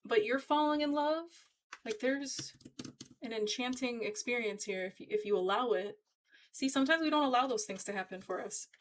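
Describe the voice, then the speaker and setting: A woman's voice: a little high, moderate pace, a little hiss or hum, low-quality recording. A woman giving a casual tarot reading to her viewers, talking in a chatty, emphatic and encouraging way. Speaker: tarot reader.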